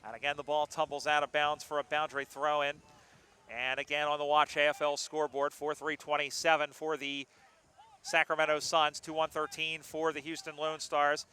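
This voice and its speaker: A man calling an amateur football game live, joking between plays and getting excited on big moments. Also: on the high side, slight background noise. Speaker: play-by-play commentator. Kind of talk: live sports commentary.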